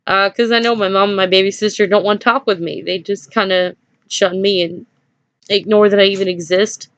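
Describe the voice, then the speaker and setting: A woman's voice: mid-range voice, fairly even intonation, brisk, fairly bright tone, no echo. A woman telling a personal story in a casual vlog, hesitant, with many fillers and small nervous laughs. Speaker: vlogger. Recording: dry dull lo-fi home recording.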